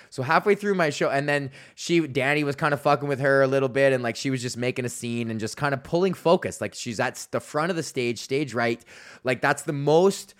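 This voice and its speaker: A man's voice: mid-range voice, brisk. A man hosting his own podcast, telling a long profane story from a stand-up gig in a rambling, casual way, laughing at his own jokes and acting out the people in it. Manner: rambling, swears constantly, laughs at own jokes, acts out voices in stories. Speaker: podcast host, stand-up comedian.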